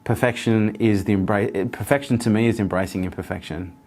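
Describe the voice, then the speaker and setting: A man appears as a guest on a motivational interview, speaking earnestly and telling stories with lots of repeated phrasing. His lowish voice is steady, a little fast, and a little mellow.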